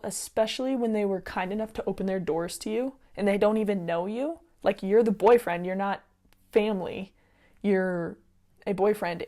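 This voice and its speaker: Warm and mid-range, this young woman's voice carries a casual reading of online stories, peppered with her own takes. She drifts off topic easily and fills her talk with "like" and "um" in a chatty, opinionated way.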